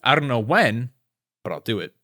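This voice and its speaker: Excitable young man hosting a podcast. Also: normal speed. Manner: excitable, swings into high exasperated rants. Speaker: podcast host. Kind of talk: casual solo podcast ramble.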